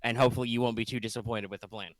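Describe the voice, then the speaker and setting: A man serving as game master, setting the scene for a tabletop game with relaxed jokes. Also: mid-range voice, very fast, no room sound.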